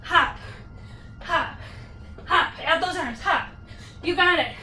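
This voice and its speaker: A woman with a very high voice leads a sculpt yoga flow, calling out counts and upbeat encouragement. She sounds winded as she cues the moves at an unhurried pace. She is picked up from a distance in an echoey room. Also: pushed and bright, a little hiss or hum. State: out of breath. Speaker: yoga instructor. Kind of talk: cueing a workout class.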